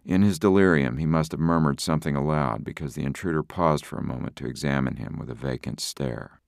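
A man narrating an audiobook thriller in a measured, steady storytelling manner. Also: rumbling low, creaky, no room sound, clean studio sound. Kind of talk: scripted narration.

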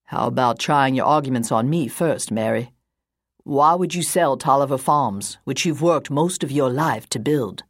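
A woman reads as an older male attorney, earnest and measured, pressing his case with quiet dismay in a storybook reading. The voice sits low and husky, recorded close and dry. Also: no room sound.

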